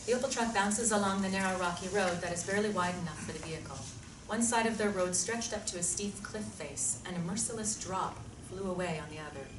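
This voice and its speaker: A woman narrates a screenplay in a steady, descriptive read. Her voice sits low and carries room echo, recorded from a distance. Noise runs clearly under the recording. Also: a little fast. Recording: echoey room from far off, noisy.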